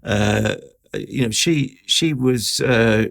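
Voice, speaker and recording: A man's voice: mid-range voice, drawn-out words, creaky, fairly bright tone, no room sound. A middle-aged man from southern England in casual, musing conversation, wry and self-deprecating. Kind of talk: casual chat.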